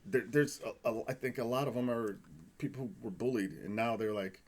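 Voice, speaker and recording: Husky, profane man telling stories. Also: medium pitch, fairly quick. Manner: profane, animated storytelling with acted quotes. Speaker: firefighter podcast guest. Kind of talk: casual podcast chat.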